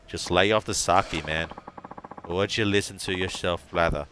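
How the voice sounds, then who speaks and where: A man reading aloud as a calm, reasonable, slightly tipsy man in a video game. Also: sits low, normal speed, noisy background, close to an everyday voice. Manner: level, wry and reasonable.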